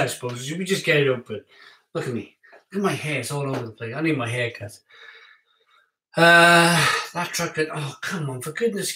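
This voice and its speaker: A man reviewing craft beer on a live stream in casual, excitable chat with his viewers. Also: a little high, distant mic. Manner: chatty, excitable, talks to viewers. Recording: echoey room, off-mic.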